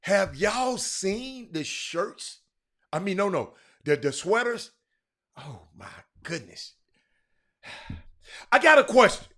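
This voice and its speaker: A man hosting a casual livestream talk show, rambling and excitable, with lots of fillers and restarts. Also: sits high, takes it slowly. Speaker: livestream host.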